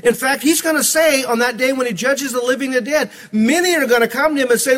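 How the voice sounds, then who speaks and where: A pastor preaching a sermon, swinging between hushed, earnest passages and ringing, emphatic calls. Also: male voice, extremely high pitch, fast, few pauses.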